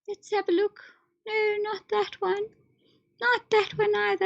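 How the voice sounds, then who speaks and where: A woman's voice: very high voice, very animated, a little slow, creaky, muffled recording. A woman vlogging casually, playful and theatrical, often squealing in mock panic. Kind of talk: casual chat with filters, playful.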